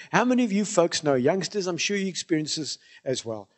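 A man preaches a sermon in a notably high voice. He speaks emphatically and drives his points home by repeating key phrases. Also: lively intonation, brisk, few pauses.

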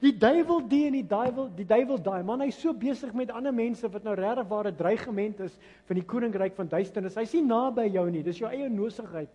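A man preaching a passionate, emphatic sermon that swings between loud and quiet. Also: sits high, fast, few pauses, husky, highs cut off. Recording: long reverb of a large hall.

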